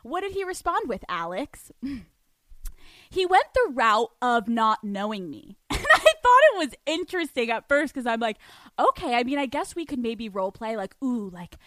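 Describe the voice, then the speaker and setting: Young woman podcaster, high pitched, laughy and foul-mouthed storytelling, dead dry sound. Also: normal speed, no echo. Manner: animated, profane, laughing storyteller. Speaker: podcast host. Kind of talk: storytelling monologue.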